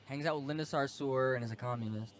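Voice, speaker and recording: A man's voice: mid-range voice, fast talker. A man hosting a casual political chat, conversational and agreeable. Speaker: podcast host.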